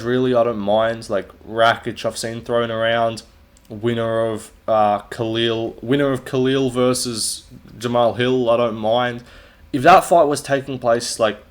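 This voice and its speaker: A young man with a somewhat low voice talks through fight results on his own. He is blunt and profane, and he mocks the fighters he dislikes in a loose, off-the-cuff way. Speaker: MMA commentator and channel host. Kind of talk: casual solo fight recap.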